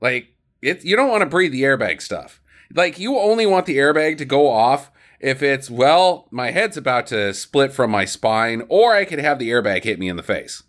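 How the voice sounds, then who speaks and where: A man's voice: mid-range voice, big pitch swings, moderate pace, fairly bright tone. A man co-hosting a casual movie podcast, joking around and acting out characters in silly voices. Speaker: podcast co-host. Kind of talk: casual movie-riffing chat.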